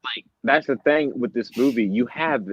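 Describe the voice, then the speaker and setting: A man chatting casually as a co-host, excitable, laughing a lot and swearing freely. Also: mid-range voice, moderate pace, breathy edge, dry recording, lo-fi sound. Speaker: podcast co-host. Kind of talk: casual chat.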